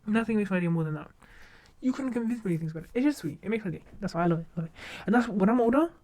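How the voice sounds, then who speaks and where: Young female streamer, warm mellow tone, gushing casual chat full of fillers. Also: mid-range voice, expressive, rapid-fire. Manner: rambling, gushing, many fillers and restarts.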